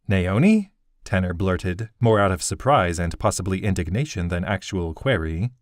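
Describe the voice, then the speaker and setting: Deep-voiced man reading a fantasy novel. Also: moderate pace, dry recording, clean studio sound. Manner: even, steady storytelling. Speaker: audiobook narrator. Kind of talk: scripted narration.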